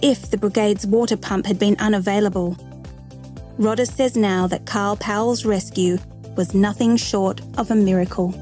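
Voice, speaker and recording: A woman giving a measured, clear narration of a true rescue story. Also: mid-range voice, steady tone, warm tone, faint music behind.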